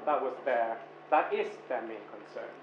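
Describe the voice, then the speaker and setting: Male audience member, halting delivery with fillers, echoey room, dull lo-fi recording. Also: mid-range voice, expressive. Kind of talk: public Q&A comment. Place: university lecture room. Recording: echoey lecture hall, dull lo-fi sound, noisy.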